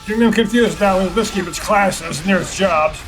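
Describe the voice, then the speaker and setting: A man with a high voice rants his way through a gameplay commentary. He is sarcastic and quick to mock himself as well as others. Game music plays clearly underneath him. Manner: ranting, self-deprecating, sarcastic asides. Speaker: let's play host.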